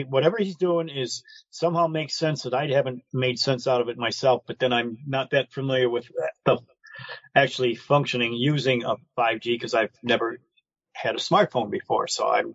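A man's voice: mid-range voice, fairly even intonation, normal speed, dry recording. A man chatting casually on a live online show, rambling and speculating with lots of restarts, heard over a video call. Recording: dull lo-fi call audio.

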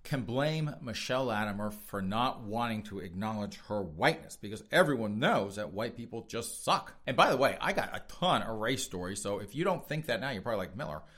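Man, podcast host, sarcastic commentary, lowish voice, frequent laughs. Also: lively intonation, a little fast, hardly any pauses, a bit bright. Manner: sarcastic, mocking, laughs often; talks straight to listeners as folks. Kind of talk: opinion commentary.

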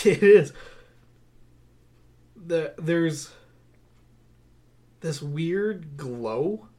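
A young man co-hosting a podcast, chatting casually about movies with a wry, sarcastic, animated delivery. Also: a little high, extremely slow. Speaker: podcast co-host. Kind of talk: casual movie-review chat.

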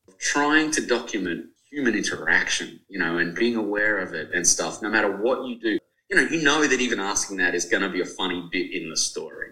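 A man's voice: fairly low pitch, low-quality recording. A man with an Australian accent, an author being interviewed, telling stories animatedly and reading from his own book. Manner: animated storyteller, acts out quoted people. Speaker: author and journalist guest.

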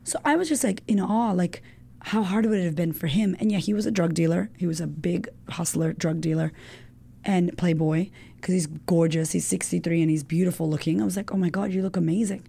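A woman in her thirties, a women's coach, talking as a guest in an animated, emotional way, full of fillers and the odd swear word. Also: lowish voice, fairly quick, vocal fry, husky. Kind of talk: casual chat.

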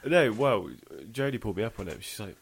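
A man's voice: fairly low pitch, a little fast, husky. A man co-hosting a podcast, chatting casually and laughing often. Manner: laughs often, animated and playful. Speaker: podcast co-host. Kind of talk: casual chat.

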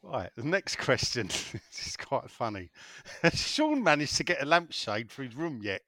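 A man's voice: mid-range voice, very animated, unhurried, bright, forceful tone, dry recording, studio quality. A man co-hosting a casual podcast, joking and reading out listener messages. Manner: jokey, puts on mock regional voices in jokes. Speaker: podcast co-host.

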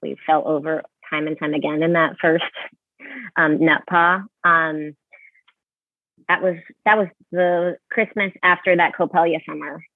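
A woman's voice: deep voice, steady tone, unhurried, dry recording. A woman in her thirties from Utah, a ballet dancer, talking candidly and chattily as an interview guest, with many fillers. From Utah, USA. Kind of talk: casual interview. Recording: tinny phone line.

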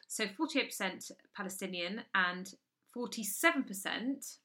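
Woman, comic co-host, rambling deadpan storyteller, bright tone. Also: medium pitch, normal speed. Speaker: comedy podcast co-host. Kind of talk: improvised comic chat. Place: house in London.

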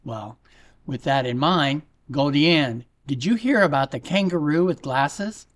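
A man's voice: on the high side, a little slow. Jokey male podcast host. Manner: jokey, puts on a fake accent at the start. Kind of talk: casual podcast storytelling.

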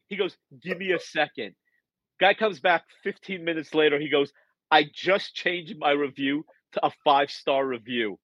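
An author appears as a guest on a podcast, telling a story in casual conversation and animatedly acting out the quoted dialogue as he goes. His voice is fairly high, the audio is dull, and there is no room sound.

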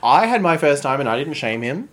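A man's voice: fairly high pitch, very animated, brisk. A man co-hosting a podcast, chatting frankly and animatedly, swearing freely and laughing often. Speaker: podcast co-host. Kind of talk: casual, frank chat.

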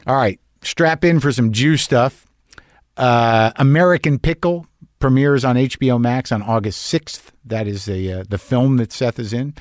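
A man's voice: medium pitch, unhurried, no room sound. Dry-voiced sardonic man hosting a podcast. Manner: rambling, sardonic, swings between loud and hushed. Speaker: podcast host. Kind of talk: conversational monologue.

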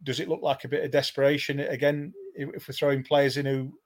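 A man's voice: mid-range voice, level tone, fast talker. A man co-hosting a casual football discussion, sharing opinions with hesitant starts and repeated words. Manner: hesitant, repeats words before getting going. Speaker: co-host and football pundit.

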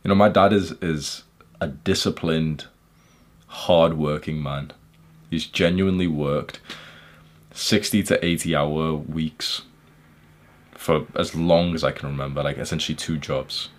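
A man from England, hosting a podcast, candidly recounting his childhood in an intense, halting way. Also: a bass voice, fairly even intonation. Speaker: podcast host. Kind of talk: personal storytelling monologue.

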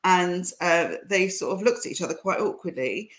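A woman's voice: fairly low pitch, lively intonation, normal speed. A woman who is a comedian and podcast host, telling a story in casual chat and acting out what people said. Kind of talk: anecdote told in casual chat.

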